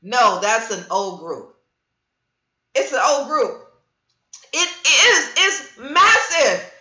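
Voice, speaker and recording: A woman's voice: on the high side, slow pace. A middle-aged woman hosting a casual livestream, telling stories with lots of voices and answering viewer comments. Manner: animated storyteller, reads viewer comments aloud. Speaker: livestream host. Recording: roomy, dull lo-fi stream audio.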